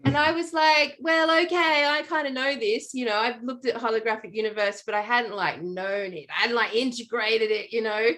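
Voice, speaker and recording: Middle-aged Australian woman, casual storyteller, fairly high voice, fillers and restarts. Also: moderate pace, few pauses. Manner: animated, rambling, many fillers and restarts. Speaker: podcast co-host.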